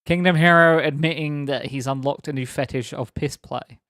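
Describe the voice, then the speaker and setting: A man's voice: a little high, fairly even intonation, normal speed, fairly bright tone, no room sound, clean studio sound. A young man chatting casually on a live stream, rambling, laughing often and teasing viewers.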